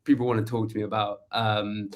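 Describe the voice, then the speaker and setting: A man's voice: on the low side, brisk. Laid-back English man chatting. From England. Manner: relaxed, laughing, many fillers. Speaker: guest, agency co-founder. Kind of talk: casual interview chat.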